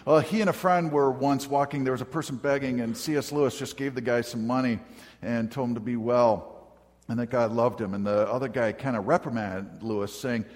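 A man delivers a sermon in a calm, conversational, storytelling manner, slipping in light humor as he goes. His voice sits at an ordinary middle pitch for a man. The sound carries a long hall reverb, as if recorded in a large church. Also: a little fast. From northern United States. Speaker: pastor.

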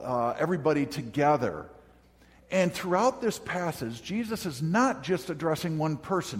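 A man serving as pastor, preaching a conversational sermon with reflective storytelling and gentle humor, from the northern United States. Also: on the high side, lively intonation, moderate pace. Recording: hall reverb.

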